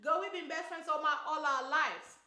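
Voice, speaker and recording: A woman mimicking a young best friend in casual, slangy, hushed chatter. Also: high-pitched, moderate pace, roomy sound. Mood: chummy.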